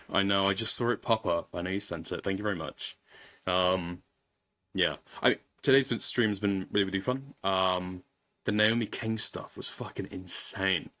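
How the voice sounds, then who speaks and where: A man's voice: low voice, a little slow, bright, forceful tone. A man casually commenting on a live stream, swearing and rambling as he repeats himself.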